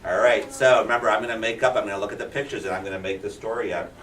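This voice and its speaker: A man's voice: lowish voice, steady tone, very fast, fairly bright tone. A male kindergarten teacher animatedly telling a picture-book story to young children, often asking them questions. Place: classroom. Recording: roomy classroom from a distance.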